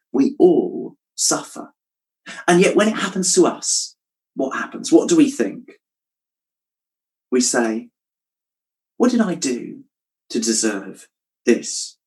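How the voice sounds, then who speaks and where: Softly reflective male preacher. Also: fairly high pitch, rough recording. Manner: reflective, drops to a hush on quoted scripture. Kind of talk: sermon.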